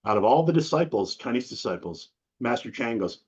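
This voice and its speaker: A middle-aged man from Massachusetts, an interview guest telling stories in a casual, animated way, acting out the people he quotes with big jumps in his voice. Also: mid-range voice, fairly quick, breathy edge. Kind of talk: casual storytelling. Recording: dull lo-fi sound.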